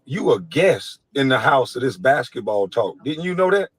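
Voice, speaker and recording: A man's voice: mid-range voice, very animated, moderate pace, breathy edge, no room sound, poor audio. A former basketball player in a heated, scornful rant, taunting the man he is addressing. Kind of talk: angry rant.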